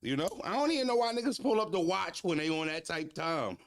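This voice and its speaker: A man's voice: a little high, expressive, a little slow, pauses often, dry recording, clean studio sound. A young man hosting a livestream, joking loosely and profanely, laughing and roasting his chat. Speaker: livestream host.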